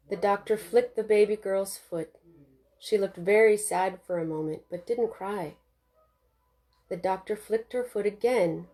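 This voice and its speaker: Woman narrator, audiobook reading, mellow, expressive. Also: mid-range voice. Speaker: author reading her novel.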